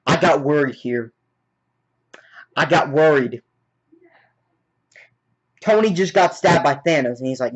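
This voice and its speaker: A man with a slightly high voice retells movie scenes as eager play-by-play, dropping in sound effects as he goes. It is a casual spoken review. The recording is dull and lo-fi. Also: unhurried, pauses often, husky.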